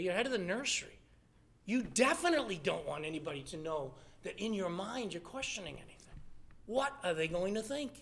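Male pastor, sermon, bright sharp tone, earnest rhetorical questions, conversational delivery. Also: extremely high pitch.

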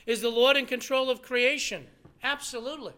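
Bright high-voiced preaching man. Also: fairly quick, clean tone. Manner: emphatic preaching with rhetorical questions. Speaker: pastor. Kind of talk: sermon.

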